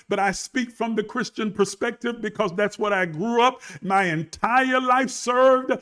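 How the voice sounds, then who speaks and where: Brief: man, preacher, slow and emphatic, high voice, challenges his listeners directly. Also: a bit bright. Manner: emphatic, rhetorical, calling out to the listeners. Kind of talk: sermon.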